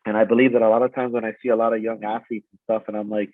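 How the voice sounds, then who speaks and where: A man's voice: lowish voice, rapid-fire, no room sound. A man in his forties, a strength coach, talking intensely and profanely in a podcast interview. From United States. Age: 40s. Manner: intense, profane, animated storytelling. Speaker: strength coach and gym owner. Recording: tinny phone-like line.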